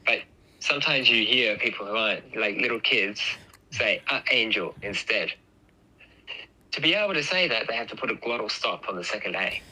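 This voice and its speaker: A man with a very bright, forceful, somewhat low voice talks casually and patiently explains speech sounds, stopping to demonstrate them aloud. The sound has a slight radio-like quality. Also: expressive, moderate pace, low-quality recording. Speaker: host.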